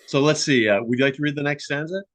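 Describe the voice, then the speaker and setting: A man's voice: mid-range voice, fairly bright tone, no room sound. A man chatting casually about music and art, rambling and full of "like" and "you know". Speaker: podcast guest, musician. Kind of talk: casual conversation.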